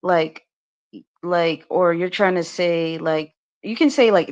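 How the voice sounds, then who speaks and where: An American woman on a podcast panel chats casually in a livestream discussion, rambling with many fillers and restarts and laughing frequently. Her lowish voice is darkish and measured in pace, and the recording is muffled.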